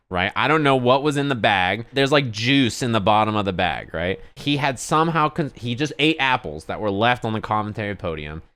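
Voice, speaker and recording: A male streamer tells a story in a casual, animated way, cursing freely and checking in with his listeners. His voice is low and smooth, with a clean, resonant tone. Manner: animated, profane, conversational storytelling. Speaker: streamer and commentator.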